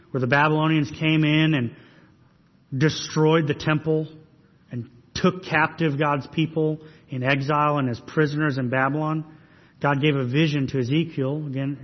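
A man preaching in a church sanctuary, his voice set a little high and slightly husky. The sound carries a long hall reverb, and the recording is dull and muffled. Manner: earnest preaching with rhetorical questions. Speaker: pastor. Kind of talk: sermon.

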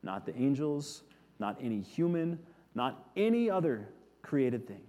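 A man's voice: medium pitch, big pitch swings, measured pace. Earnest male preacher in a reverberant hall. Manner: earnest, with emphatic repetitions falling soft. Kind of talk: sermon teaching on scripture.

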